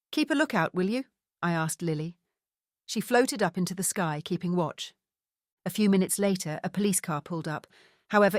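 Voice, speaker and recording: In a mid-range voice, a female audiobook narrator reads a first-person mystery with steady, measured storytelling. Studio-quality, dry recording.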